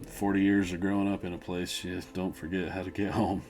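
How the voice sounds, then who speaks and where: A man's voice: sits low, little pitch movement, a little fast, a little mellow, faint music behind, close to an everyday voice. A man voicing a drunk, nervous young villager who slurs and mumbles fearfully.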